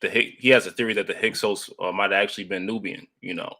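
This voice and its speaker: A man joining a livestream chat, talking hesitantly with many pauses and restarts. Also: fairly low pitch, steady tone, bright, forceful tone. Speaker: livestream guest. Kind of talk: casual chat.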